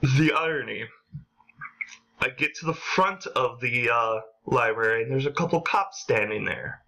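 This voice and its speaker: This vlogger, a young adult man, speaks a little slowly in a mid-range voice over poor audio. Recounting funny personal tales, he stays animated and performs quotes in a raised voice.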